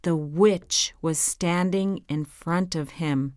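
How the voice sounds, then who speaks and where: Woman storyteller, unhurried fairy-tale reading, smooth and clear. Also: on the low side, no room sound, clean studio sound. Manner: slow, careful, gentle reading.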